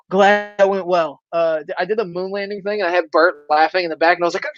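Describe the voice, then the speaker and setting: A man's voice: high voice, fairly even intonation, fast, fairly bright tone, lo-fi sound. A male stand-up comedian from Florida telling anecdotes in casual chat, acting out quoted lines along the way.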